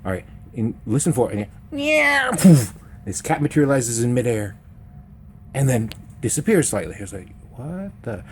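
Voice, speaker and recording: A man spins a comic personal tale in a loose, rambling way. His pitch swings widely as he talks, and he breaks into squeaky meows and silly sound effects. The telling stays casual and animated from start to finish. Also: moderate pace, slight background noise. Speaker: storyteller. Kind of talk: comedic personal storytelling.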